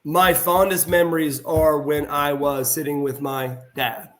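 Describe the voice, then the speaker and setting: A man's voice: on the high side, unhurried. A middle-aged man, a former pro wrestler guesting on a podcast, telling a long heartfelt story with plenty of restarts and acted-out dialogue. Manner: rambling anecdotes with frequent restarts and retold dialogue; animated, heartfelt delivery. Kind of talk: casual storytelling in a podcast interview.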